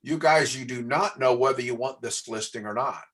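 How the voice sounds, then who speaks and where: A man's voice: medium pitch, moderate pace, a bit bright. Man, real estate trainer, coaching tone, checks in with the class. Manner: coaching, asks the class questions.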